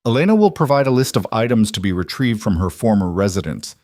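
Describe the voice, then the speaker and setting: A man's voice: fairly low pitch, sing-song, fast talker, darkish tone, dry recording. A man voicing a cold, blunt mafia boss husband who speaks in curt, matter-of-fact commands in an audiobook reading. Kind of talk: audiobook narration.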